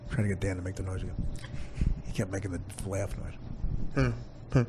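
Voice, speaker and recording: A man's voice: low voice, steady tone, a little fast, pauses often, mellow. A man hosting a podcast, chatting casually with rambling, laughing asides. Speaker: podcast host.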